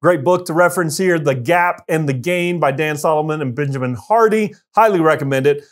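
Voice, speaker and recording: A man giving a motivational business talk straight to his viewers, energetic and emphatic, addressing them directly. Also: on the high side, brisk. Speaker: business coach.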